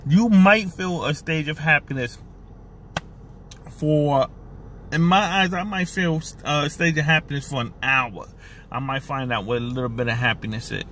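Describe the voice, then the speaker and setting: A man's voice: on the high side, normal speed, fairly bright tone, slight background noise. A man talking straight to the camera in an earnest, repetitive and emotional way, recorded on the camera's own mic. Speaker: vlogger. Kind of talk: personal talk to camera.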